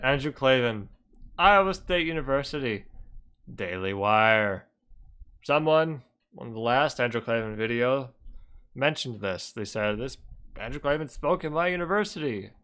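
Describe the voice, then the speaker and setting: A man's voice: medium pitch, expressive, unhurried, fairly bright tone, clean tone. A man heckling a speech he is playing in a sarcastic comedy reaction, telling jokes with put-on voices. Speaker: commentary YouTuber reacting to a speech.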